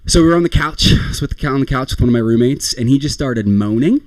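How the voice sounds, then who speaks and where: A man's voice: medium pitch, expressive, fast, no room sound. A young man performing a rambling, self-deprecating stand-up comedy set, often laughing at his own jokes.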